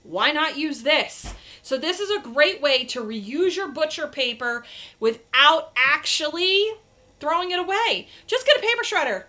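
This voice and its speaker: A woman from New York State hosts a crafting livestream with a high, bright voice. She talks casually and keeps up a chatty stream of tips as she shows her work to the camera. Her tone is crisp and forward. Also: lively intonation, a little slow.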